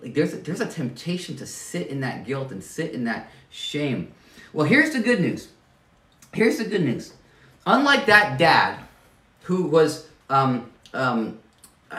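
A man's voice: mid-range voice, bright, forceful tone, roomy sound, distant mic. A man preaching a sermon as pastor, conversational and self-deprecating, often restarting and stammering over his words.

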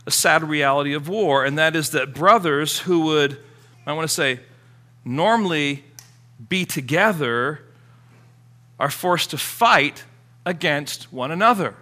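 A man's voice: on the high side, bright, forceful tone. A man preaching a sermon in an earnest, conversational way, often restarting his phrases. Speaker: pastor.

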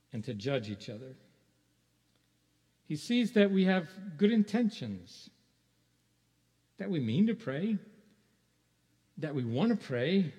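A man's voice: a little high, warm tone. A man preaching a sermon in a conversational way, asking rhetorical questions and chuckling now and then. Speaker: pastor. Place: church sanctuary. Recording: long hall reverb.

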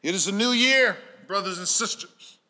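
Speaking at a normal pace, a man serving as pastor preaches through stories, swinging from hushed, low sections to strong, emphatic calls aimed at his congregation.

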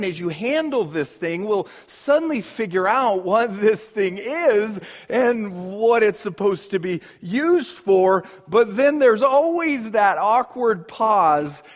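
A male pastor preaching a sermon with emphatic, drawn-out pauses. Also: high voice, long reverb tail.

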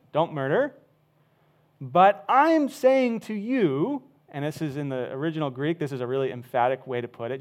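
A man preaching a sermon, emphatic, with wide swings from loud to soft. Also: medium pitch. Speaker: pastor.

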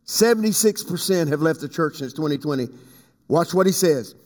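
Pastor guy preaching, high voice, long echo off a big church hall, goes loud then real quiet. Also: expressive, moderate pace. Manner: talks to the congregation by name. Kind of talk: sermon.

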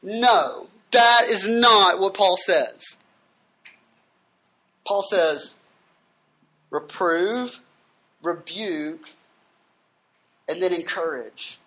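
An emphatic pastor delivering a sermon at a gathering on a university campus. He reads scripture passages aloud and then unpacks them. He keeps checking in with the listeners through a steady "right?". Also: medium pitch, extremely slow, pauses often.

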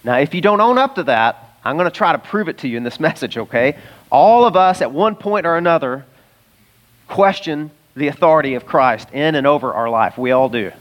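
A man with a fairly high voice preaches a sermon as a pastor. He talks to the congregation in a conversational, emphatic way and often laughs as he goes. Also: lively intonation, fairly quick, lo-fi sound.

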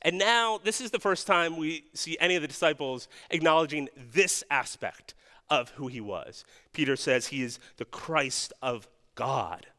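A man's voice: fairly high pitch, animated, measured pace, pushed and bright. A man preaching a sermon as pastor, earnest and questioning, often restarting his words. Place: church sanctuary. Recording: long hall reverb.

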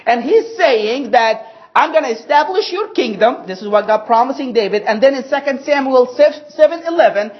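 A woman from Egypt, preaching a sermon with emphatic stress and slow, weighted quotations. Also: sits high, animated, highs cut off. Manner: emphatic, slows and stresses quoted scripture.

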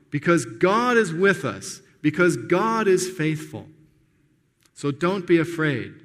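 A man preaching a sermon in a conversational, earnest way, often restarting his sentences as he explains a passage. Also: medium pitch. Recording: long hall reverb.

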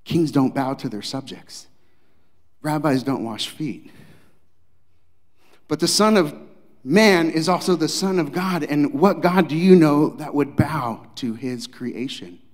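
A male pastor preaching a dramatic sermon, acting out scenes, swinging from loud to hushed. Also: fairly high pitch, takes it slowly, long reverb tail.

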